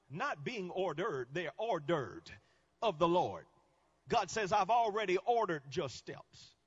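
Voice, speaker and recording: A male guest preacher delivering a sermon, swinging between quiet teaching and shouted climaxes. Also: a little high, breathy edge, lo-fi sound.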